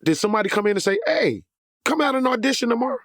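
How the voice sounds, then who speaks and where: A man co-hosting a podcast, jumping in with eager questions and quick reactions. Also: extremely high pitch, sing-song, fairly bright tone. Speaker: podcast co-host. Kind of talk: casual interview.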